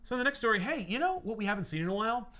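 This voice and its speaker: Animated, lively man retelling a comic. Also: extremely high pitch, very fast. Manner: animated, laughing storyteller with many fillers. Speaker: podcast co-host. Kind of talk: casual chat recapping a comic.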